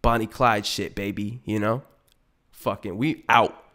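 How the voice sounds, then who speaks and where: A man's voice: lowish voice, fairly even intonation, a little slow, fairly bright tone. Young guy on a podcast, swearing a lot, rambling funny stories, does little voices. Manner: profane, rambling, acts out voices. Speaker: podcast host. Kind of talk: casual comedic monologue.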